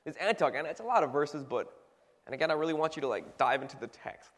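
Man, casual sermon, chatty with fillers and restarts, slightly high voice, echoing church hall. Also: expressive, fast, a bit bright. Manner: conversational, many fillers and restarts. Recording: long reverb in a hall.

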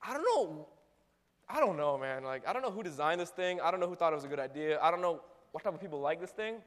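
A young man in a casual storytelling monologue, animated and full of filler words, acting out ride noises. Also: fairly high pitch, racing. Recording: long hall reverb.

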